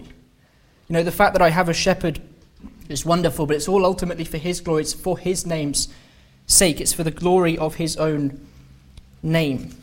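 Male preacher, slightly high voice, slow deliberate sermon delivery with restarts. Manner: unhurried, halting, with frequent restarts and drawn-out emphasis. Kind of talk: sermon-style Bible study talk. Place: meeting hall.

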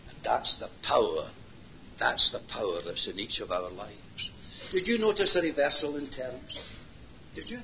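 Impassioned high-voiced man preaching. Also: sing-song, measured pace. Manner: impassioned, swings from hushed to loud. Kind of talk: sermon. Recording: lo-fi roomy hall recording.

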